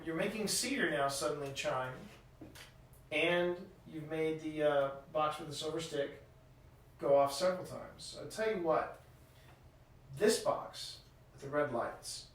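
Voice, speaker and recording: A man's voice: a little high, a little slow, a bit bright. Man calling out to spirits in an echoey room. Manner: calls out to spirits in a coaxing, friendly tone. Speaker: ghost hunting host. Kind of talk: live ghost hunt chat. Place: old inn, indoors. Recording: echoey room, voice from far off, faint hiss.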